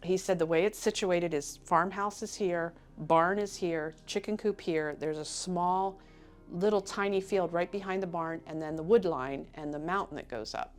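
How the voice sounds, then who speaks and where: A woman's voice: fairly low pitch, moderate pace, faint music behind. A woman casually retelling someone else's encounter story in an interview, voicing his quoted words as she goes. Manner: animated retelling, voices others' quoted words. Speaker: interviewee retelling a witness account.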